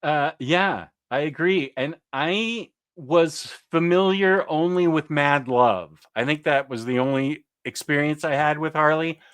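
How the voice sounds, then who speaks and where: A man hosting a laid-back comics show, his voice sitting a bit higher than most. He talks with eager enthusiasm, rambling and full of fillers. The sound is dry and close, with no room echo. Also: a little slow, hardly any pauses, fairly bright tone, clear, resonant tone. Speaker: comics podcast host. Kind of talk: casual chat.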